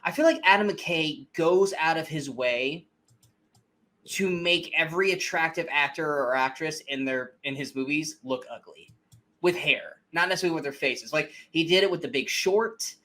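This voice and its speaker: A man's voice: a little high, normal speed, bright, forceful tone. A young man co-hosting a podcast, giving blunt, swear-heavy opinions about movies in casual chat. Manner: blunt, profane, emphatic opinions. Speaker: podcast co-host. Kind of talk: casual film discussion.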